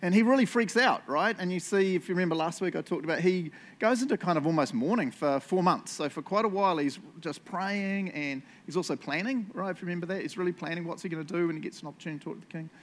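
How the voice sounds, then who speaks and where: A man's voice: sits high, fast talker, few pauses. A male pastor giving a casual, conversational sermon and prayer, self-deprecating and often ending lines with "eh?" or "right?". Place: church.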